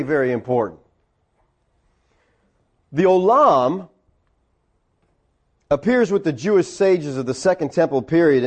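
A man's voice: fairly high pitch, dull audio. A man preaching a sermon as pastor, conversational, with teasing asides to his congregation in a church.

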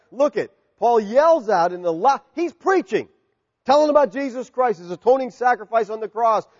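A middle-aged man preaching a sermon, animated and swinging from loud declarations to hushed asides. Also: sits high, in a large hall, highs cut off. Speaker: pastor.

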